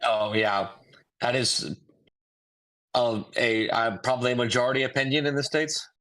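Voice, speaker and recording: A man on voice chat during a watch-along, earnest and a little halting. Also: medium pitch, steady tone, pushed and bright. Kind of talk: casual group chat.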